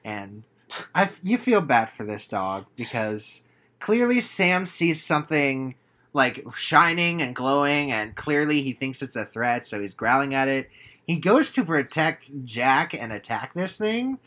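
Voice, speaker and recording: A man's voice: mid-range voice, lively intonation, a little slow, pushed and bright. Easygoing man chiming into a film chat. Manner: easygoing, agreeable, chimes in. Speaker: podcast guest. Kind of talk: casual movie review chat.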